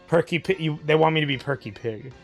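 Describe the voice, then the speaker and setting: A man hosting a live stream and reading an AI story aloud, excitable and swearing, swinging between loud bursts and mutters. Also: on the high side, fast talker, soft background music. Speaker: streamer and game host.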